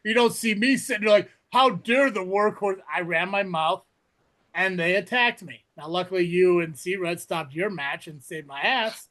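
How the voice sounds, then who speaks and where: A high-voiced man co-hosting a casual podcast. He rants and swears freely and mimics the people he is mocking. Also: moderate pace, bright, forceful tone. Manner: profane, ranting, mocks others in quoted voices. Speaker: podcast co-host. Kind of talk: casual chat.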